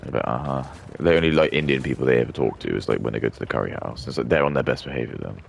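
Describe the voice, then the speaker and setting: Very deep, gravelly-voiced man streaming a game. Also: animated, racing, slight background noise. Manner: rambling, crude, opinionated. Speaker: gaming streamer. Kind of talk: casual commentary while gaming.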